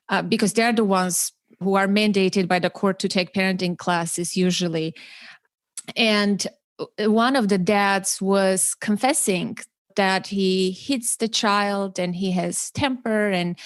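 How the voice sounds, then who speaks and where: Female host and parenting educator, mid-pitched, earnest and conversational, dry recording. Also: no echo. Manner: earnest storytelling with fillers. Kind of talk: conversational interview.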